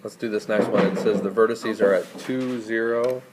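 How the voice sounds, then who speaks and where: A man's voice: fairly low pitch, steady tone, normal speed, heavy background noise. A man tutoring math in a screencast lesson, walking students through each step and quizzing them as he goes.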